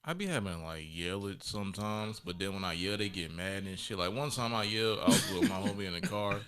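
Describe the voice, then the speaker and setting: Lively bright-voiced young man, blunt. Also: deep voice, fairly quick. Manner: blunt, profane, animated retelling. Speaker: podcast co-host. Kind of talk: casual chat.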